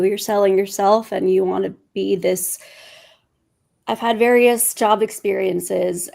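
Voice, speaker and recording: A woman life coach answers on a casual panel. Her voice is gravelly with vocal fry. She speaks slowly and thoughtfully, often pausing to find her words. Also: mid-range voice, a little mellow. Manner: slow, searching for words.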